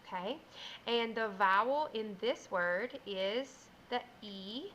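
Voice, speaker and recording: A woman teacher giving a first grade phonics lesson, explaining slowly and clearly and sounding out words. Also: fairly high pitch, fairly bright tone, muffled recording, a little hiss or hum.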